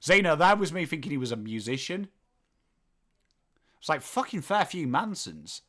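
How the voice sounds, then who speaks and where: A man with a Northern English accent hosting a live football watchalong, calling the play and chatting with viewers, swearing casually and shouting at big moments. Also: on the high side, very animated, normal speed. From England. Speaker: livestream host.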